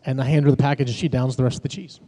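A man's voice: medium pitch, steady tone, racing, mellow. A man, a pastor and worship leader, preaching a sermon in a conversational way, telling personal stories to his congregation. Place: church sanctuary. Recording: long reverb of a large hall.

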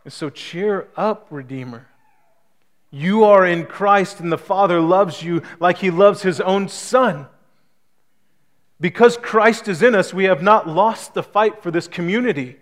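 A man's voice: sits high, a little slow. A man preaching a sermon as pastor, emphatic, his intensity rising and falling as he builds each point. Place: small church hall.

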